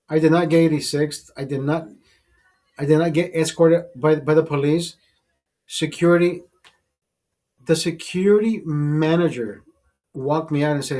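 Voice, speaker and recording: Man host, fairly high voice, loose, swearing, laughing, casual storytelling. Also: moderate pace, darkish tone. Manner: profane, rambling, laughs often, repeats himself. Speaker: show host. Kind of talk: casual live-stream storytelling. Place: studio.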